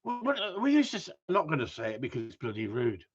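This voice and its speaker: A middle-aged man with a husky voice, chatting bluntly on a live stream with sweary, self-mocking banter. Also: fairly high pitch, huge pitch swings, quick pace, faint music behind. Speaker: dog trainer livestreaming. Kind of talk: casual live-stream chat. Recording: dull lo-fi livestream audio.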